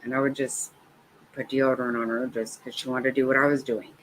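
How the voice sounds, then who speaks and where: A woman's voice: very deep voice, a little fast, a little hiss or hum, low-quality recording. A middle-aged woman hosting a livestream, chatting casually and telling stories with lots of laughter. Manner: laughing, animated storytelling. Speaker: livestream host. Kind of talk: casual chat.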